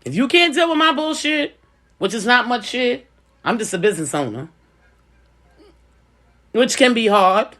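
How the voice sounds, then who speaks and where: A woman's voice: fairly high pitch, expressive, moderate pace, pauses often, fairly bright tone. A middle-aged woman and business owner giving casual advice straight to camera, blunt and emphatic, coming back to her points again and again.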